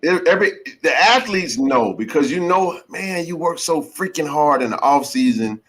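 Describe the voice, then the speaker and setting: A man's voice: fairly high pitch, expressive, normal speed, fairly bright tone. A man hosting a call-in sports podcast, talking emphatically and preachily, dropping "bro" and "man" often. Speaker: podcast host. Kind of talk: casual call-in chat.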